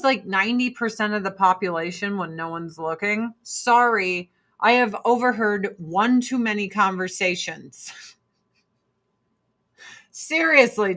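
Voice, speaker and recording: Fairly high-pitched and a bit bright, a woman vlogger applies her makeup and vents at the camera. Her casual rant comes out blunt, exasperated and full of profanity.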